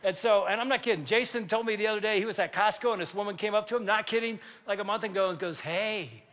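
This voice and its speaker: An older man preaching a sermon, telling a story with lively acted-out dialogue and building to shouts. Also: high-pitched, racing. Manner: animated, acts out dialogue, rising to shouts at climaxes. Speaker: pastor. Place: church sanctuary. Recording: long church hall reverb.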